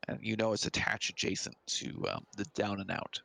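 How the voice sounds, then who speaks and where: A man narrating a tabletop game as game master, halting and hesitant, with many fillers. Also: lowish voice, little pitch movement, creaky, sharp tone.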